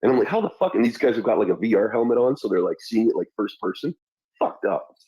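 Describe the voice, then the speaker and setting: A man's voice: lowish voice, quick pace, dark tone, breathy edge. A man in a casual group chat, swearing freely and joking in a mock-baffled way. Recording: dull lo-fi audio.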